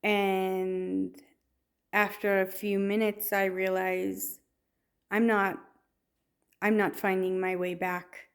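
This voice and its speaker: Slow-talking woman telling a story. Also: medium pitch, flat delivery, smooth. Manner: storytelling with many restarts and fillers. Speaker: testimony speaker. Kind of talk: personal faith testimony.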